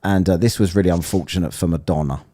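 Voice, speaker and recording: An Englishman with a low voice and fast delivery hosts a casual panel chat. He swears freely, teases his guests, and tells lively stories.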